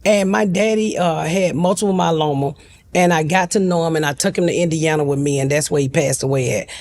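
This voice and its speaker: A woman's voice: low-pitched, fairly quick, darkish tone. A middle-aged woman, a talk-show guest telling a family story bluntly and animatedly, with comic asides.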